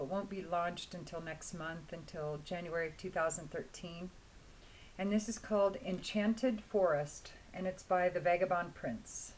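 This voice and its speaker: A hoarse woman giving a chatty, rambling fragrance review, often clearing her throat. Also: on the low side, slight background noise, poor audio. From Washington State, US. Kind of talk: casual video review.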